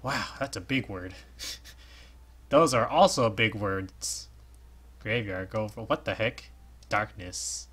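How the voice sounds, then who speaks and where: A man playing a visual novel, reading it aloud with jokey commentary in a hoarse voice. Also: fairly low pitch, slow, long pauses. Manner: animated, jokey, often laughing at himself. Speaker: let's play host.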